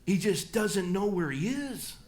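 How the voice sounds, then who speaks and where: Emphatic man preaching in a church. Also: expressive. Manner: emphatic, rising to loud peaks, then dropping low and slow. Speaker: guest pastor speaker. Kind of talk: church talk and Q&A answer. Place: church hall.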